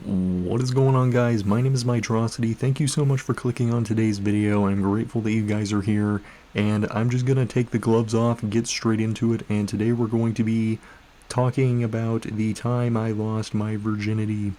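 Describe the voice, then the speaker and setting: A young adult male YouTuber telling a story in a relaxed, wry, conversational way. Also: fairly low pitch, normal speed. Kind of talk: storytime narration.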